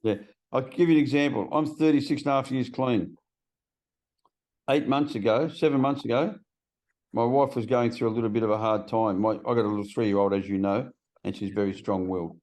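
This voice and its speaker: A man's voice: medium pitch, brisk, a little mellow. Man, Australian accent, middle-aged, blunt, swears freely, video call. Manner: blunt, swears freely, acts out quoted voices. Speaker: guest in recovery. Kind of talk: casual storytelling chat.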